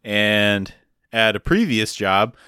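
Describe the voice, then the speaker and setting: A man co-hosting a podcast, chatting casually with laid-back, deadpan jokes. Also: lowish voice, takes it slowly, smooth, no echo, studio quality. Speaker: podcast co-host. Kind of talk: casual chat.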